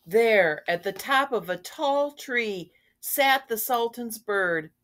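An older woman reading a children's storybook aloud, gently asking her young listeners questions. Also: fairly high pitch, animated, takes it slowly. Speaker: storybook reader.

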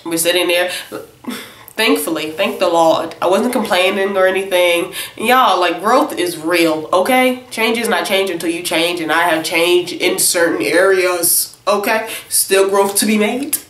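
A young woman tells a casual storytime vlog, animated and chatty, often tagging "okay?" onto her sentences. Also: on the low side, measured pace, roomy sound. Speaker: vlogger.

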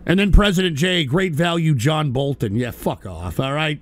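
A man hosting a live radio show, going off on angry, profane, shouting tirades. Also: on the high side, lively intonation, moderate pace, hardly any pauses, no room sound. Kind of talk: live call-in radio rant.

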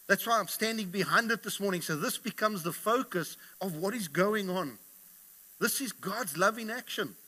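A man preaching a sermon, speaking with passion and getting louder as he retells the stories. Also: high voice, animated, moderate pace. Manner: impassioned, rising in volume when retelling stories. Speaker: pastor.

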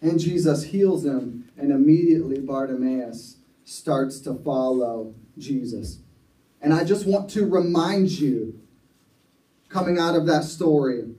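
With a fairly high, mellow voice, a man preaches a sermon at a recovery ministry, telling a story earnestly and often restarting his sentences. The mic sits far off in an echoey room.

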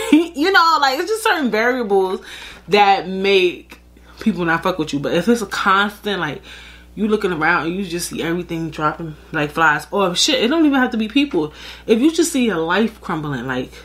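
A woman's voice: fairly low pitch, a bit bright. A woman, hosting a podcast in a casual, blunt advice monologue, profane and full of rhetorical asides. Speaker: podcast host.

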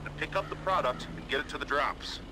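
A man voicing a brisk male boss character in a video game who gives matter-of-fact instructions. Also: fairly high pitch, noisy background, natural voice. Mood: instructing.

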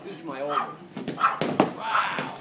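Rambling comic ranting in an echoey club. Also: male voice, fairly high pitch, expressive, slow. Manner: rambling, swings from mumbling to ranting. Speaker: stand-up comedian. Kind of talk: open-mic stand-up set. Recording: echoey club from far off, noisy.

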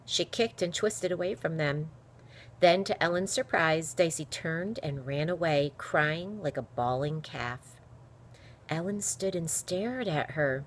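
A woman reading a children's novel aloud with expressive storytelling. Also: deep voice, slow pace, slight background noise. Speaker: reader.

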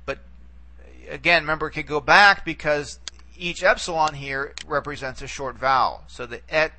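Bright-voiced man teaching, full of "okay?"s. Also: on the high side, moderate pace, a little hiss or hum. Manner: patient, repeats words and checks in with frequent "okay?". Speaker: Greek language teacher. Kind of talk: recorded video lecture.

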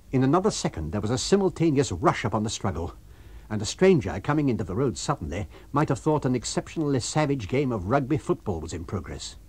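A man reading an abridged novel aloud with dramatic, vivid storytelling and a husky voice. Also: mid-range voice. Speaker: reader.

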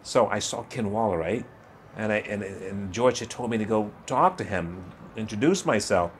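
A man in his sixties, a guest in an interview, telling his life story in a lively way, acting out other people's voices and laughing often. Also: lowish voice, moderate pace, slight background noise. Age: 60s. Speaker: guest, retired bodybuilder.

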